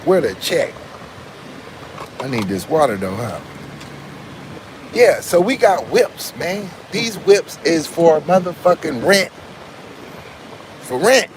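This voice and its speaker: A man's voice: fairly high pitch, sing-song, slow, pauses often, a little hiss or hum. A man hosting his own channel, delivering a boastful, profane live-stream rant from inside a building with parked cars. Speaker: channel host.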